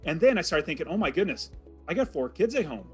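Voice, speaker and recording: A man's voice: on the high side, big pitch swings, fast talker, soft background music. Man telling a dramatic story. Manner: vivid, dramatic retelling with acted quotes. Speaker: podcast guest telling his story. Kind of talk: animated personal storytelling.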